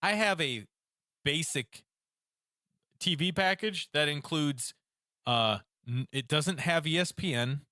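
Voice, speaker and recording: A man on a casual podcast telling an animated, ranting story about phone calls and acting out both sides. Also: fairly high pitch, slow pace, pauses often, no echo, clean studio sound. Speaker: podcast co-host. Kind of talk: casual chat.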